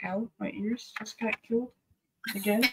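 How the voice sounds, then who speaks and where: A woman's voice: mid-range voice, fairly even intonation, a little slow, rough recording. A woman with a Boston accent hosting a casual live cooking stream, swearing and laughing through banter. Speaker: stream host.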